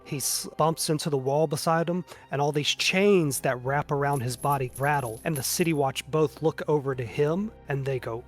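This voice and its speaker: A man's voice: a little high, moderate pace, few pauses, faint music behind. Casual male game master narrating. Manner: casual, frequent "like" fillers.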